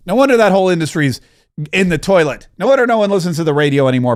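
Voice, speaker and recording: A middle-aged man hosting a podcast, telling anecdotes in casual commentary and laughing out loud as he acts out what people said. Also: high voice, expressive, fast talker. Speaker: podcast host.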